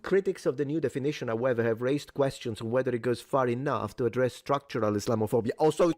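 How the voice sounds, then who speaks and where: A man's voice: medium pitch, fast talker, darkish tone, no echo. Opinionated male co-host reading news. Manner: opinionated, indignant commentary. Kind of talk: reading news aloud and commenting.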